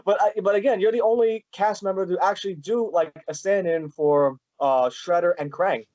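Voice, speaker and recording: A man hosting a casual fan interview, talking in a rambling, halting way with many restarts. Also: sits high, darkish tone, dry recording, lo-fi sound. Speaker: podcast host.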